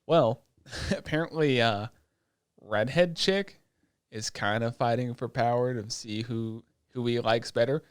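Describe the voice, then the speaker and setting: A podcast co-host with a mid-range voice recaps shows in casual chat, swearing freely, using lots of fillers, and animatedly acting out quoted lines. He keeps a measured pace, and the dry, studio-quality recording has a clean tone.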